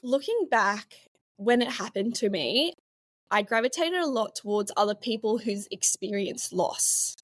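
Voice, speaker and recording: A woman's voice: a little high, expressive, measured pace, dry recording. A young woman in her twenties, a pharmacist guest telling a personal story in an interview, earnest and open. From Australia. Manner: earnest, open, emotional at times.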